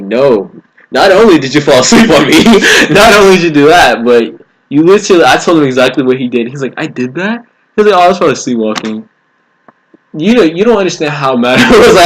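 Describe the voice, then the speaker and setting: Young guy, lowish voice, slangy storyteller who keeps laughing. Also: rough recording. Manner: slangy, laughs often while telling. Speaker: vlogger. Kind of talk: casual storytelling.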